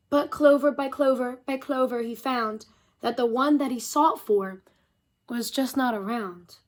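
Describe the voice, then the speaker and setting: A woman reading a picture book aloud to children, animated, and stopping to talk to her young listeners. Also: sits high, moderate pace. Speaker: storyteller.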